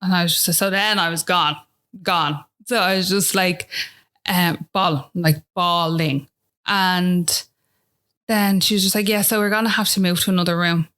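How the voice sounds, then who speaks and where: A woman's voice: fairly low pitch, fairly even intonation, moderate pace, a bit bright. A woman with an Irish accent, a podcast guest telling a personal story in a chatty way, often asking "do you know what I mean".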